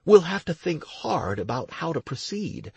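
A man puts on a young woman raid leader, tense and frustrated, in a clipped, worried, husky voice pitched well above his own. The delivery swings widely in pitch, and the recording is dry and close. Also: very animated, normal speed, darkish tone, no echo, full character voice. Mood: troubled.

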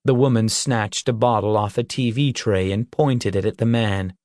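A man narrating an audiobook in measured, even storytelling. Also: lowish voice, no room sound, clean studio sound.

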